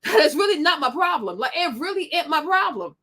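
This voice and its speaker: A woman's voice: sits high, sing-song, fairly quick, a bit bright. A woman hosting a commentary show, reacting to a clip with sassy, emphatic talk. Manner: sassy, emphatic, preachy asides.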